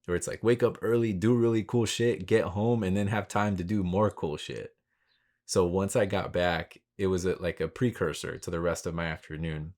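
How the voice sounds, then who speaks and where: Deep-voiced laid-back man talking cars. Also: steady tone, moderate pace, a little mellow. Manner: laid-back, profane, rambling with slang. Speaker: podcast host. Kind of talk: casual solo podcast monologue.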